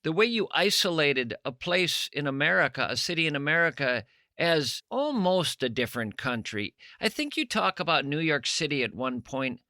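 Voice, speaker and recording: A man's voice: a little high, sing-song, normal speed, bright, forceful tone, no echo, clean studio sound. A man hosting a radio interview, enthusiastic and reading passages aloud to his guest. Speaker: radio host.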